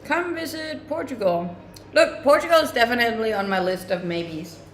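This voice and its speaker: Speaking a mixed English with a Scandinavian tinge, this young woman, a native speaker of a Scandinavian language, answers viewer comments in a relaxed live-stream chat, cheerful and laughing a lot. Her voice sits on the high side with lively intonation at normal speed. The sound echoes around the room, with slight background noise.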